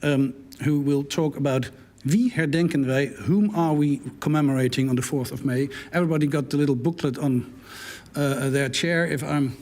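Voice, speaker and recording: A man introducing a speaker to a hall audience, halting and restarting often. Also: fairly high pitch, fairly even intonation, a little mellow. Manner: halting, many fillers and restarts. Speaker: event host. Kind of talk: event introduction.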